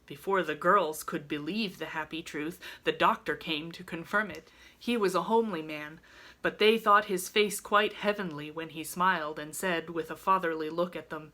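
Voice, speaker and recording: A woman reads a storybook chapter aloud at a gentle, measured pace. Her voice sits a little low yet sounds bright and clear. She reads like a pastor at story hour. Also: fairly even intonation.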